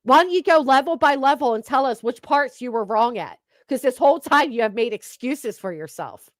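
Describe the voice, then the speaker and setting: A woman's voice: high voice, animated, brisk, no room sound. A woman hosting reaction commentary, cursing and ranting with sarcasm. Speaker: commentary channel host.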